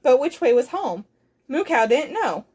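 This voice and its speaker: With a high voice and a slightly unhurried pace, a woman who works as a children's librarian reads a picture book aloud, her storytelling animated and distinctly pronounced.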